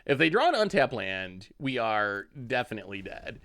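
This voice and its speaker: A man's voice: on the low side, sing-song, moderate pace, a bit bright. A man streaming a card game, thinking aloud about his plays and chatting with viewers. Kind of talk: casual game commentary.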